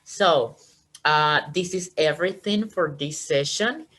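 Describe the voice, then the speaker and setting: A woman's voice: low voice, slow, fairly bright tone, low-quality recording. A woman teaching an online English class, encouraging her students and checking understanding with "okay?" after each point.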